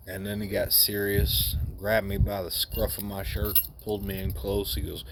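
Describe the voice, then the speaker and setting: Guy telling a story about his life, low gravelly voice, really slow, faint hum behind. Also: level tone, fairly bright tone. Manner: candid, wry, unhurried. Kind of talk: casual personal storytelling.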